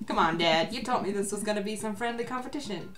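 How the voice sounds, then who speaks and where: A woman's voice: mid-range voice, quick pace, reverberant, music in the background. A young woman streamer reading a dating-sim game aloud with a friend, playful and giggly. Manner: playful, giggly, reads dialogue in character.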